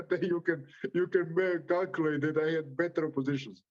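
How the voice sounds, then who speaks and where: A man's voice: on the high side, fairly even intonation, normal speed, darkish tone, highs cut off. A man with a Croatian accent, a boxer giving an interview full of brash, profane trash talk and frequent laughs. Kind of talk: interview reaction.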